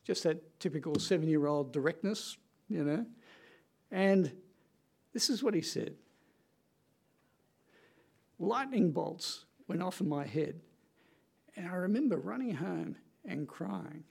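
Male preacher, slightly higher voice with a gravelly edge, earnest and conversational sermon delivery with pauses for weight. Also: expressive, a little mellow.

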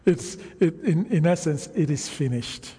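A man preaching a sermon, slow and emphatic, calling out to the congregation for responses. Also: on the high side, expressive, warm tone, husky, in a large hall.

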